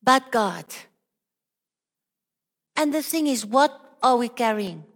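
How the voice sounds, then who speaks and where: High-voiced woman preaching in a reverberant hall. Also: lively intonation, slow, vocal fry. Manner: earnest questioning preaching with repeated rhetorical questions. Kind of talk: sermon.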